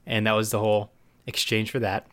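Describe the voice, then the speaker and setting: A man's voice: lowish voice, completely flat delivery, brisk, a bit bright. A man in casual podcast chat, loosely retelling a TV episode with restarts and asides. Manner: loose, rambling storyteller with restarts. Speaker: podcast co-host.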